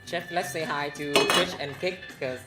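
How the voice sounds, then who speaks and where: A man who is not a native English speaker reads viewer questions aloud on a livestream, haltingly and with fillers. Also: fairly high pitch, music in the background. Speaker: stream co-host reading comments.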